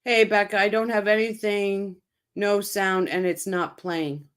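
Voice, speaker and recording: A woman's voice: medium pitch, fairly even intonation, measured pace, clean tone. A woman hosting a casual livestream, commenting bluntly and with profanity on a press conference. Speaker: livestream host.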